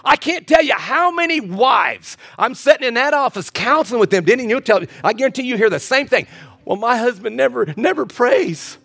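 A middle-aged man, a pastor, preaching with humor, swinging between loud outbursts and quiet moments. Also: very high-pitched, lively intonation, fairly quick, few pauses, no room sound, studio quality. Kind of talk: sermon.

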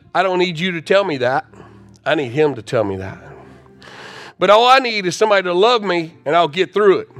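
A man preaching a sermon in a church, urging the congregation forward and praying with fervor, rising to shouts. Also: a little high. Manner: repetitive, urging calls to the congregation. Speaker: pastor. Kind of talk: sermon with altar call and prayer. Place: church sanctuary.

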